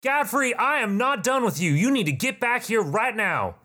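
A man's voice: very high voice, very animated, moderate pace, bright, forceful tone, pitched above the performer's own voice, heavily acted. A man voicing a tall armored warrior woman who is blunt, brash and urgent. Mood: angry shouting. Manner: blunt, pushy, rough-mouthed.

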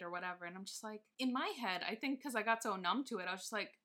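A woman's voice: medium pitch, fast talker, bright, forceful tone. A woman co-hosting a casual chat, ranting indignantly and swearing freely. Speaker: podcast co-host.

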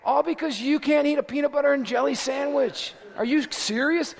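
High-voiced animated preacher in a hall. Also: male voice, normal speed, creaky. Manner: animated storytelling with shouted asides. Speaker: pastor. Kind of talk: sermon. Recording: echoey hall recording.

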